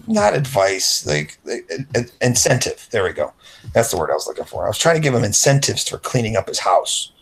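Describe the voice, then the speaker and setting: A man's voice: lowish voice, huge pitch swings, fairly quick, slightly rough, soft background music. A man co-hosting a casual podcast chat, telling a rambling story and acting out the voices of people he quotes. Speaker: podcast co-host.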